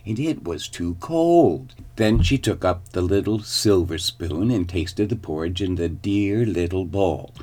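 A man narrates a children's fairy tale, taking his time over each line. His voice sits low and his delivery is slow and deliberate. He reads with clear, storybook expression. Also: animated, darkish tone. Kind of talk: storybook reading.

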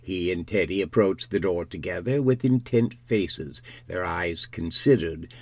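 A man narrating a classic novel in a measured, unhurried storytelling manner. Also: low-pitched, dry recording. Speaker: audiobook narrator.

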